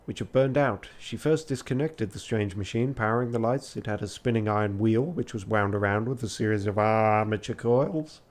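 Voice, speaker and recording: A man's voice: lowish voice, normal speed, hardly any pauses. A tired man reading a text adventure aloud late at night on a charity stream, with joking asides.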